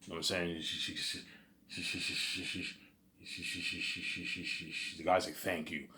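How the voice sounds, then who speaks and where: Male storyteller, low register, loose rambling delivery full of stammers and repeated fillers, with sudden excited outbursts. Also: normal speed. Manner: repetitive and stammering, with constant "you know what I'm saying" fillers; bursts into excited loud asides. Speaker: storyteller pitching a film idea.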